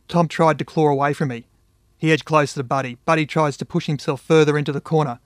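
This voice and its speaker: A man reading his own first-person short story, raising his voice for the children's shouting lines. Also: fairly high pitch, steady tone, quick pace, dry recording, clean studio sound.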